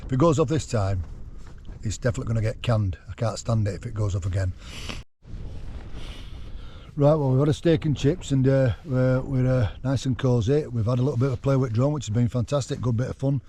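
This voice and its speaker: A man talks in a chatty, joking way, with plenty of ums and restarts. His voice is mellow and warm at a middle pitch. Faint wind and outdoor noise sit behind him. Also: brisk. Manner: chatty, joking storyteller with many fillers. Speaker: vlogger. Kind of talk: casual outdoor vlog chat. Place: outdoors at a wild camp in wind.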